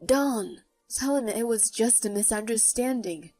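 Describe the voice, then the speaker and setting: A woman's voice: fairly high pitch, measured pace, warm tone. A woman voicing an angry, defensive male ex-husband in a story, indignant and whiny, with faint music behind. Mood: sulky. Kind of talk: storybook narration.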